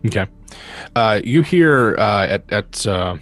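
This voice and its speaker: A man narrating as game master, describing scenes with many pauses and fillers. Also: lowish voice, lively intonation, fairly bright tone, soft background music.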